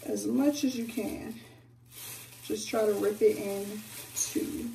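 A woman's voice: medium pitch, slow pace, vocal fry, distant mic, slight background noise. Chatty young woman in an echoey room. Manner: chatty, animated, addresses viewers directly. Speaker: beauty vlogger. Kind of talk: casual storytime chat during a hair tutorial. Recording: echoey room, away from the mic.

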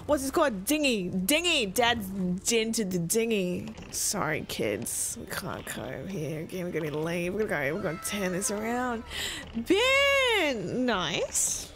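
Animated swearing woman gamer. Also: mid-range voice, a little slow, few pauses. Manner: swears a lot, laughs often, jokes. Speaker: streamer playing a video game. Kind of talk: live gameplay commentary.

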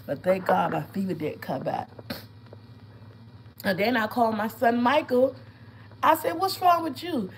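A woman in her fifties, nose stuffed up from a cold, rambles through a story on a casual home live stream. Her voice sits at a middling pitch and her talk is loose, chatty and storytelling. Faint background hiss runs underneath. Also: big pitch swings, measured pace, pauses often, low-quality recording. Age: 50s. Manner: chatty storytelling, greeting viewers by name. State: congested with a cold, sniffling. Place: at home, lying down.

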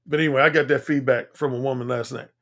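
A man's voice: mid-range voice, steady tone, fast talker, fairly bright tone. A man who works as a dating coach, talking through a livestream in a conversational, explanatory way, repeating points for emphasis. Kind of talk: livestream monologue.

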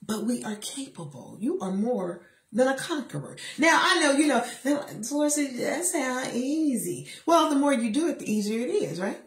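A middle-aged woman giving a faith-based motivational talk from a chair, emphatic and sassy, with lively asides to her listeners. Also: high-pitched, normal speed, few pauses, echoey room. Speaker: motivational speaker. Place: seated in a chair.

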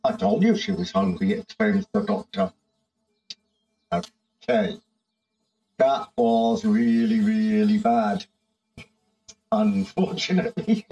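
A man's voice: on the high side, gravelly, mellow, low-quality recording. A man casually commenting on a management game, thinking aloud with hums and fillers and reading the game's text aloud. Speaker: game streamer.

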